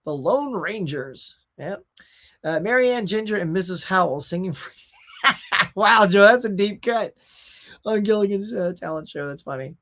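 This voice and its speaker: Chatty high-voiced man hosting a stream. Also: expressive, measured pace, fairly bright tone. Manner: chatty, rambling, with laughs and many fillers. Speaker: host of a pop culture show. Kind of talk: casual live chat reading viewer comments.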